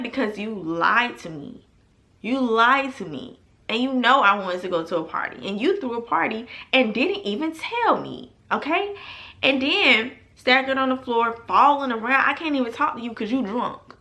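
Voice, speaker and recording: Mujer animada contando una historia, voz brillante. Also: female voice, a little high. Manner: animated and emphatic, addresses viewers as y'all. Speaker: storytelling vlogger. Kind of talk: casual storytime vlog.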